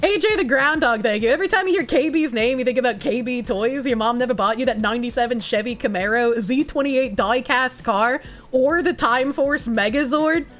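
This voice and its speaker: A woman's voice: high-pitched, brisk, faint music behind. A young woman streamer reacting to news and chat, sarcastic, swearing freely and laughing often. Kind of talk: casual live-stream reaction, reading news and chat aloud.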